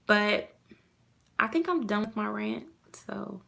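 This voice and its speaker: A woman's voice: mid-range voice, expressive, slow pace, vocal fry, a bit bright. A mother pouring out a heartfelt, rambling rant to camera, full of "you know" fillers. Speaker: mother vlogging about her custody loss. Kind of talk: casual personal rant to camera.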